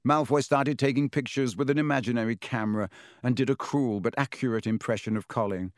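A man narrating an audiobook in a measured, steady storytelling manner. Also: medium pitch, no echo, studio quality.

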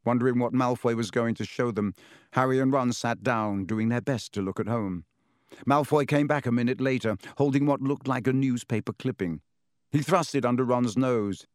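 A man narrating an audiobook in a measured, steady storytelling manner. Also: mid-range voice, no echo, clean studio sound.

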